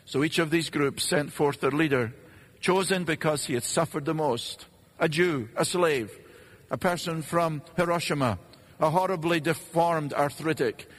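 A man preaching a sermon in an earnest, measured way, posing rhetorical questions and pausing for effect. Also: a little high. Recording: long reverb of a large hall.

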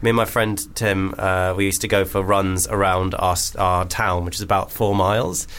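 A man's voice: sits low, flat delivery, moderate pace, a bit bright, clean tone. A man hosting a radio show, chatting casually and telling rambling, self-mocking stories.

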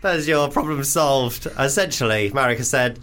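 A man's voice: medium pitch, moderate pace, fairly bright tone, a little hiss or hum. Giggly male radio co-host. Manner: jokey, giggly, reads listener messages aloud. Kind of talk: comedy radio banter. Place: radio studio.

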